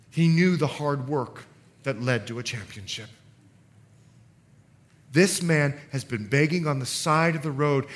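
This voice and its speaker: Animated high-voiced male pastor preaching. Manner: animated, playful, acts out quotes. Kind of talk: sermon. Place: church service.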